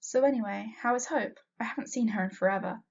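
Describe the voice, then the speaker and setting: A woman reading as a friendly grown man, an uncle who jokes fondly with his niece. Her voice stays husky and breathy over a dull, lo-fi recording. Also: on the high side, fast talker. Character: friendly adult uncle, joking, fond.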